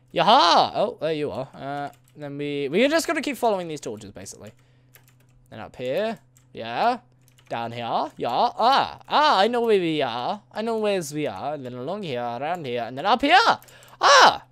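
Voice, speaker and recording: A man giving casual solo commentary on his own gameplay, rambling playfully, talking to the creatures he meets and bursting into excited shouts. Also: on the high side, no echo. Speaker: gaming video host.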